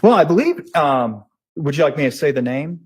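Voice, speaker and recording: A man, a police investigator, testifying in a courtroom, talking quickly and rambling with many fillers and self-corrections. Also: on the high side, big pitch swings, breathy edge.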